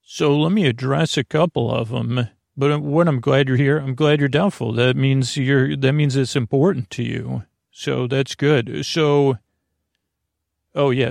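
Creaky, meandering man hosting a sleep podcast. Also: mid-range voice, dry recording, clean studio sound. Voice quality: creaky, dulcet voice. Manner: meandering, repetitive, soft-spoken, with many fillers and restarts. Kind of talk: rambling bedtime podcast intro.

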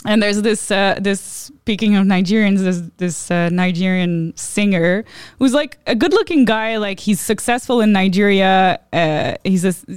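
A woman's voice: mid-range voice, moderate pace, clear, resonant tone, no room sound, clean studio sound. A woman telling stories on a podcast, chatty, full of "like", laughing often. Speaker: podcast guest, comedian. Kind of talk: casual storytelling chat.

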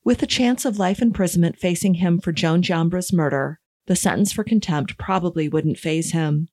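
A woman giving scripted true-crime podcast narration in a measured, even storytelling manner. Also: fairly low pitch, no room sound.

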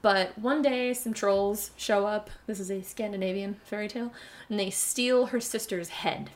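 A young woman chatting casually and retelling a fairy tale in a rambling, animated way. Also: medium pitch, normal speed.

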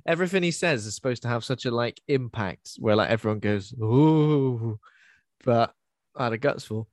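A man's voice: medium pitch, fast talker, no room sound. Wry man, dry close sound. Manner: wry, laughs easily. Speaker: podcast co-host. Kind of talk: casual film chat.

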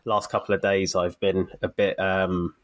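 Man, low voice, podcast co-host, casual chat, rambling with fillers and restarts. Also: level tone, unhurried. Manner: chatty, anecdotal, many fillers and restarts. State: recovering from a cold.

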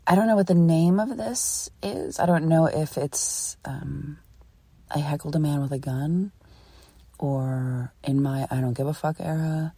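A woman from Philadelphia tells a story on her own podcast in a lowish, easygoing voice. She is chatty, laughs often and curses without a second thought. The sound is dry and close, with no room around it. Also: measured pace, dark tone, slightly rough, no echo. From Philadelphia, USA. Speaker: podcast host. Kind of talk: casual solo storytelling podcast.

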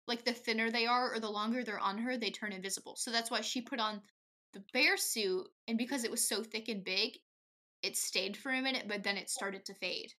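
Playful jokey woman cohost, bright crisp voice, says like a lot. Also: on the high side, steady tone, fairly quick. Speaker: podcast co-host. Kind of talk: casual chat recapping a movie.

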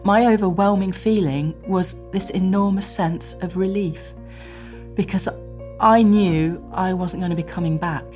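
A woman interviewed in a hotel room, recalling events calmly and reflectively with hesitant pauses. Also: lowish voice, soft background music. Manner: calm, reflective, with hesitant fillers. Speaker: interviewee recounting her marriage. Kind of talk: personal interview recollection.

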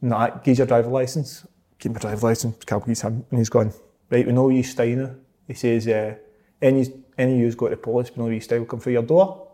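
Speaking fast at a medium pitch, this Scottish-accented man spins a story in relaxed chat. He stays lively throughout, breaking into frequent laughter and performing other people's lines.

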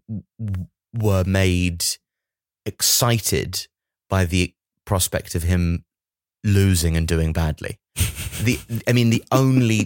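A wry man rambles through a comedy podcast with dry sarcasm. His voice is fairly low but swings widely in pitch, and the recording is dry and close. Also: no room sound. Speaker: podcast co-host. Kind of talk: casual comedic chat.

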